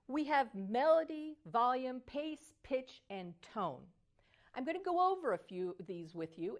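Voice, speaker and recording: An older woman coaching listeners on their voices, her pitch sitting a little high and swinging widely as she speaks. She teaches with animated energy and now and then sings a phrase to show melody. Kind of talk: motivational teaching talk.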